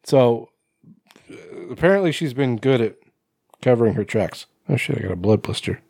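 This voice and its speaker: A man's voice: mid-range voice, animated, normal speed, vocal fry, mellow, husky, dry recording, studio quality. Rambling, swearing male podcast host. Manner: rambling, swears a lot, many fillers. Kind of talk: casual chat recapping a horror film.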